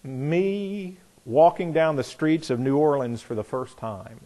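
A man preaching a sermon, animated, telling stories and asking rhetorical questions. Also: a little high, slow. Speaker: pastor.

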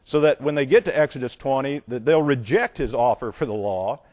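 A male Bible teacher in sermon mode, with a plain mid-range voice. He is animated and digressive, shifting between quick and slow stretches. He keeps turning to his listeners with questions. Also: mid-range voice.

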